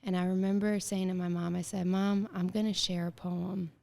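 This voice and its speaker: Woman with a gravelly vocal fry. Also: lowish voice, moderate pace. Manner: animated storyteller acting out quoted dialogue; frequent filler words. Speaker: guest. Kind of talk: casual interview conversation.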